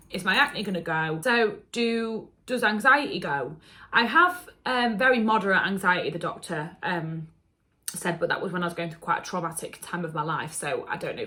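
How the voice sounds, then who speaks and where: A young woman talks straight to her camera in a casual story-time vlog. Her voice is bright and clear, and her delivery is chatty, candid and openly emotional. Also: medium pitch. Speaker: beauty vlogger.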